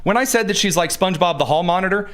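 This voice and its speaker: Man, political talk host, sarcastic, rambling, slightly high voice. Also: fast talker, very noisy. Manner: sarcastic, digressive. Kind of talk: political commentary show.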